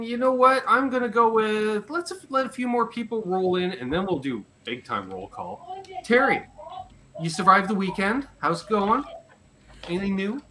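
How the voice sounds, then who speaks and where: A man's voice: sits high, animated, normal speed, sharp tone, slight background noise. A Canadian man hosting a live podcast, joking around and reading out viewer names. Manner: playful, jokey, rattling through a list. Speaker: podcast host.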